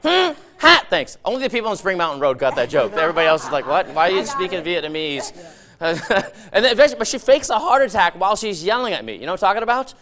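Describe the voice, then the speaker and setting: High, bright-voiced comedian. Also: male voice, rapid-fire, hardly any pauses. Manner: animated, laughing between jokes. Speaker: stand-up comedian. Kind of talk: stand-up on a TV studio show. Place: TV studio.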